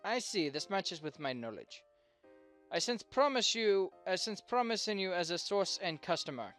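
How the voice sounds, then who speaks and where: A man's voice: high voice, big pitch swings, fairly bright tone, soft background music, voice pushed up. Man putting on a formal foreign trader woman. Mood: courteous. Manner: formal, halting speech with a vague foreign lilt. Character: humble foreign female trader, polite and mercenary. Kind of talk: reading game dialogue aloud.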